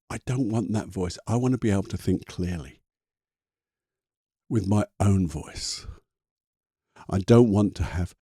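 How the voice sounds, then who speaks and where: A man hosting a self-help podcast, slowly guiding listeners through calming exercises with repeated phrases. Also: medium pitch, slightly rough, dry recording, studio quality. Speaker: podcast host and coach. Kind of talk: guided self-help talk.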